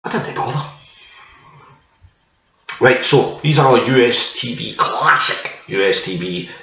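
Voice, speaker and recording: A man's voice: mid-range voice, animated, a little slow, sharp tone, echoey room, far from the mic, dull audio. A man hosting a pub quiz in a loose, chatty way, wandering off track and correcting himself as he goes. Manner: chatty, meandering, self-correcting. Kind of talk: casual rambling quiz hosting.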